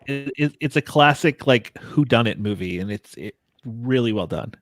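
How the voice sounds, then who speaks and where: A relaxed man talks movies in short, easygoing answers. His voice sounds dry and close, with no room around it. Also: medium pitch, moderate pace, dry recording, faint music behind. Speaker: podcaster who reviews movies. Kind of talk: casual chat.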